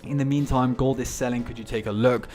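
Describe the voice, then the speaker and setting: A man's voice: medium pitch, steady tone, fast, a little mellow, faint music behind. A man hosting a live trading stream, chatting casually and addressing viewers as guys.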